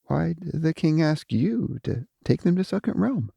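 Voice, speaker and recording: A jealous, prying younger brother among vast cosmic beings, as a man puts him on for an audiobook, pitched up from a mellow, husky voice that swings high and low. He needles and pushes, resentment barely hidden. The sound is dry and close. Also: very animated, no room sound, heavily acted. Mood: probing. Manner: prying, jealous, quick to anger. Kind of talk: audiobook character voice.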